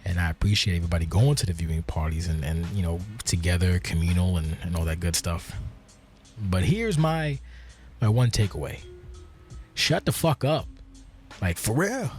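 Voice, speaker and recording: Profane ranting man with low voice. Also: normal speed, soft background music. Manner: profane, rambling, swings from low mutter to loud exasperation. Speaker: podcast host. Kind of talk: casual unscripted rant.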